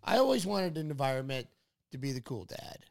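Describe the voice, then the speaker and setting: Brash gravelly man swearing through stories. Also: medium pitch, very animated, a little fast. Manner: brash, rambling, swears a lot. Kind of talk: casual profane chat.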